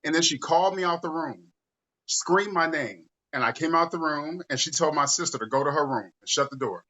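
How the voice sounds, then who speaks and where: Bright-voiced man telling a lively story. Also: a little high, a little fast, highs cut off. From San Diego area. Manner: animated storyteller who laughs while telling. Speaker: co-host and drag performer. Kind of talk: casual chat, storytelling. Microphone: video call.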